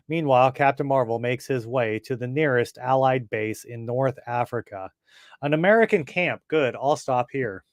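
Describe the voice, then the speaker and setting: A man's voice: medium pitch, expressive, normal speed, no room sound, studio quality. A man reading a comic book aloud in a casual way, adding fillers and side comments.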